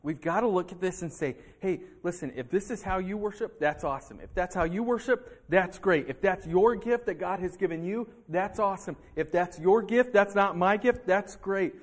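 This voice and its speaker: In a church sanctuary, a pastor preaches animatedly in a high voice at normal speed with few pauses. He dramatizes heated arguments between people, acting out their angry quotes.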